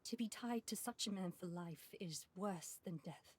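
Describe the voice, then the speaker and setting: A woman's voice: lowish voice, normal speed, slightly rough. An actress playing a weary, unhappy noblewoman in a video game, speaking in a resigned, bitter way.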